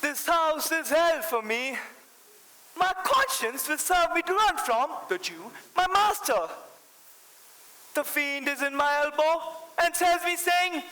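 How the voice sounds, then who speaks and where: A jittery comic servant, played by a young man in a school stage production. His very high, bright voice drags out each word for laughs. A long hall reverb trails behind him. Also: full character voice. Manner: mock-debating aloud, drawn-out comic delivery. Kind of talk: stage play acting.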